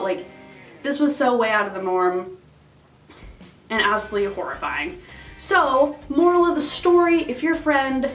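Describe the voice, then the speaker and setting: A young woman vlogging a casual storytime, animated and full of "like", acting out what people said. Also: on the high side. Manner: animated, quotes people in put-on voices, heavy use of "like". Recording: roomy echo, somewhat far from mic, faint music.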